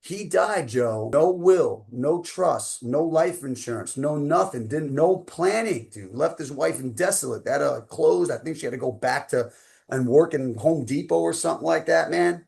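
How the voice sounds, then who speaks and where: A man's voice: fairly high pitch, lively intonation, moderate pace, creaky, a little mellow. A man in his fifties, a coach telling a motivational story with emphatic, casual phrasing. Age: 50s. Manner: emphatic, casual slang such as man and dude.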